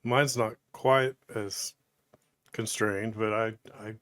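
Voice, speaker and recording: Man, podcast co-host, low voice, short low-key replies, casual chat. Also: fairly even intonation, takes it slowly, a bit bright, dry recording, clean studio sound.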